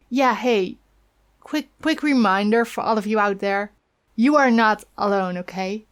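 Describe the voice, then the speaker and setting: Playful woman gamer, easily flustered, slow-spoken. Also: mid-range voice. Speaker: let's play host. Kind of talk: casual gameplay commentary.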